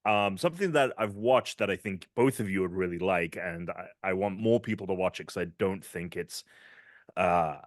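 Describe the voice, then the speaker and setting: A man's voice: sits low, moderate pace, dry recording, clean studio sound. A British man co-hosting a casual gaming podcast, rambling with lots of fillers as he enthuses. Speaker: podcast co-host.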